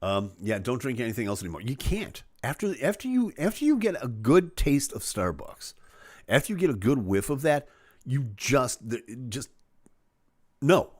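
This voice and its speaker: Man hosting a live stream: jokey, animated, with a dry, close sound. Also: mid-range voice, moderate pace, dry recording. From Chicago. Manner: animated, jokey, acts out voices. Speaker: host of a live show. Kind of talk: casual live-stream chat.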